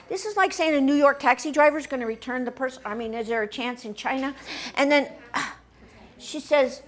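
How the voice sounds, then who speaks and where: A woman from the United States tells a personal story to a live audience. Her voice sits high, and she is animated, slipping into the voices of the people in her tale and laughing along the way. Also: moderate pace. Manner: animated, acts out quoted voices, laughs often. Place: stage before a live audience.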